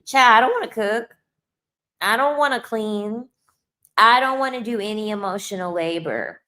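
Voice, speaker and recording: A woman's voice: medium pitch, animated, normal speed, pushed and bright. A young adult woman talking straight to camera in a casual monologue, blunt and emphatic, repeating lines for effect with sassy asides. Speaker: video creator.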